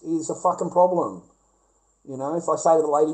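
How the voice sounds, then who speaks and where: Middle-aged aussie bloke ranting to camera, swears a lot, repeats himself, voice a bit high. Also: male voice, fairly quick, a little mellow, poor audio. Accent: Australian. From Australia. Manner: profane, repetitive, rambling storyteller. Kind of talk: casual rant to camera.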